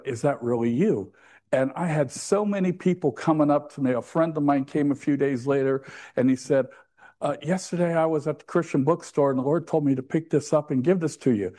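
In a church, a man preaches a sermon in a slightly mellow voice pitched a little higher than most men's. His tone is conversational, and he teases the congregation with small jokes throughout.

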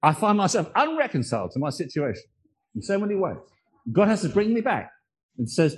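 Male preacher, high husky voice, earnest and confessional sermon delivery. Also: big pitch swings, quick pace, low-quality recording. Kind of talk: sermon with personal anecdotes.

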